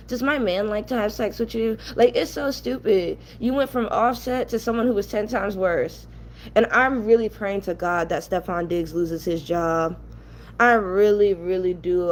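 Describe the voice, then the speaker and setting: Her voice is on the low side, with slight background noise behind it. She is a young woman from New York who hosts a commentary channel, ranting bluntly and profanely in heated, casual commentary.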